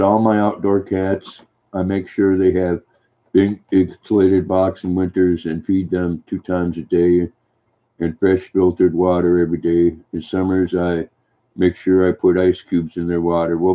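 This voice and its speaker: An older man hosting a livestream, reading viewer comments aloud and answering them in a gentle, folksy way. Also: low voice, flat delivery, measured pace. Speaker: livestream host reading chat. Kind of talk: casual chat. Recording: dull lo-fi stream audio.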